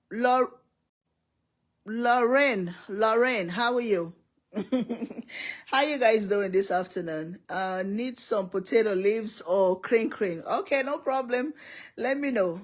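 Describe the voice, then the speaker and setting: Chatty middle-aged woman hosting a livestream. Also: mid-range voice. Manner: laughs often, calls out viewer names one by one. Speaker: livestream host greeting viewers. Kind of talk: casual livestream chat. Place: home.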